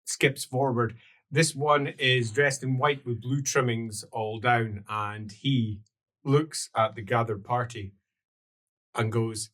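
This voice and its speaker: A man narrating as game master of a tabletop game, mostly quiet with sudden loud bursts for characters. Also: medium pitch, fairly even intonation, slow.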